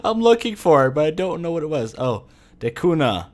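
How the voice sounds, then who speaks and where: Young-sounding male gamer for loose let's play narration, profane and rambling, very animated delivery. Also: fairly high pitch, fairly quick. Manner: rambling and profane, often swears; thinks aloud while playing. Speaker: gamer playing a video game.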